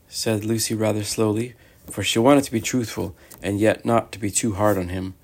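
A man narrating a storybook in a measured, expressive way. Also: lowish voice, vocal fry. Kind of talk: storybook reading.

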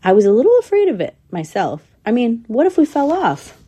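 A woman's voice: a little high, huge pitch swings, brisk, mellow, slightly rough, pitched above the performer's own voice, heavily acted. A woman voicing a young female squirrel telling her story in a matter-of-fact, thoughtful way. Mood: earnest.

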